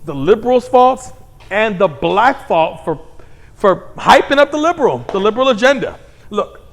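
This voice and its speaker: A man hosting his own commentary show, ranting in a blunt, heated, crude monologue. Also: a little high. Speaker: commentary host.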